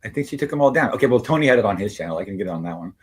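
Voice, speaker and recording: A man's voice: lowish voice, lively intonation, very fast, a little mellow, breathy edge. A man chatting casually on a livestream, rambling with many fillers and restarts. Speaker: streamer.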